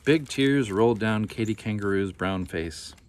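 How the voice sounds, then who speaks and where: A man reading a children's picture book aloud in a gentle, unhurried way, with casual asides. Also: fairly low pitch.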